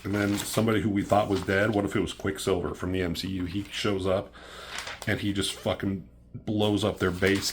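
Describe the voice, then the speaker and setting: A man casually recapping a comic book issue, swearing often and getting excited, with lots of fillers. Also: deep voice, a little hiss or hum. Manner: profane, excitable, filler-heavy retelling.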